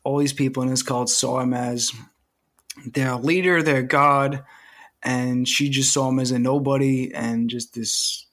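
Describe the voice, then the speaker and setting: A man co-hosting a podcast, explaining and summarizing in a steady way. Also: mid-range voice. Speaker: podcast co-host. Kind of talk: casual podcast discussion and summary.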